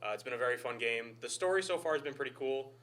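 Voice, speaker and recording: A young man with a bright, forceful voice talks in a casual, easygoing way as a podcast co-host. He sounds enthusiastic as he shares his thoughts. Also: mid-range voice, lively intonation, fast, a little hiss or hum. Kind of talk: casual chat.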